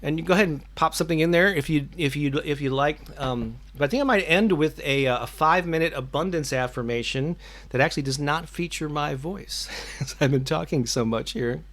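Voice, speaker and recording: A man's voice: fairly high pitch, brisk, fairly bright tone. A middle-aged man hosting his own channel, chatting casually on a live stream with many fillers and restarts. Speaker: affirmation channel host.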